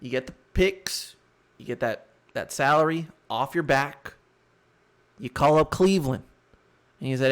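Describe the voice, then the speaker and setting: A young man co-hosting a sports podcast in casual chat, animated and quick to laugh loudly. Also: medium pitch, smooth. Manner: animated, laughs loudly, breaks into mock impressions. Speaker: podcast co-host.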